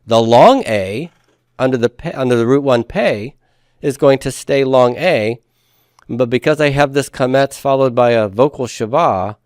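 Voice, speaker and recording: A man of average pitch gives a grammar lesson in a classroom lecture, recorded close and dry with no room sound. He patiently explains step by step, has the class repeat forms back, and tosses in folksy comparisons.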